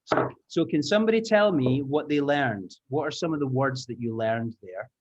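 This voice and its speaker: An upbeat male trainer runs a class over a video call, praising his students and breaking pronunciation down step by step. His voice sits at an ordinary middle pitch, and the call audio comes through slightly dull and muffled. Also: expressive, normal speed. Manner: upbeat, encouraging, explains step by step. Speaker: English teaching trainer. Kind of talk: online taster class.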